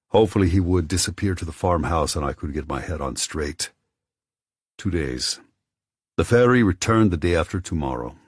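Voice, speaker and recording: A male audiobook narrator with a very low, husky voice reading first-person dark romance. The recording is close and dry, with no room sound. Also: no echo. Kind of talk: scripted narration.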